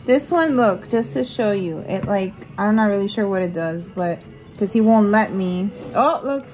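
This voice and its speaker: A young woman casually showing off puzzle toys at home, excited and teasing, constantly saying how cool things are. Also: medium pitch, normal speed, faint music behind. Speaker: vlogger. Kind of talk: casual unboxing chat. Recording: noisy home recording.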